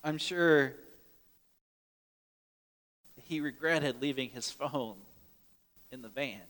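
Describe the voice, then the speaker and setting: A man preaching a sermon earnestly, swinging between loud urgent lines and hushed soft ones, often repeating words as he restarts. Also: mid-range voice, a little slow, long reverb tail. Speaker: pastor.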